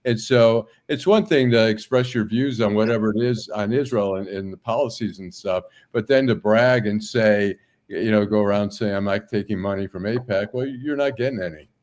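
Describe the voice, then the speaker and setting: A man's voice: fairly low pitch, moderate pace, hardly any pauses, darkish tone. A man speaking as a guest on a news panel, blunt and conversational as he tells stories. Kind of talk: casual panel discussion.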